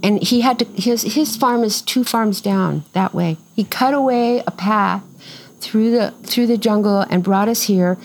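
An older woman spins a rambling, animated story, slipping into little voices for the people in it. She sits outdoors with faint insects and crickets in the background, and her voice is mid-pitched, relaxed and mellow. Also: a little slow, a little hiss or hum, rough recording. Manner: lively, acts out quoted voices, rambling restarts. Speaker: farm owner telling her story. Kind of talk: casual storytelling interview.

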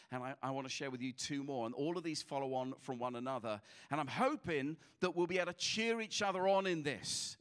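A middle-aged pastor preaches with a fairly high voice. He talks conversationally and tells his stories with animation, often stumbling and restarting a phrase before pressing on. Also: fairly bright tone. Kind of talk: sermon.

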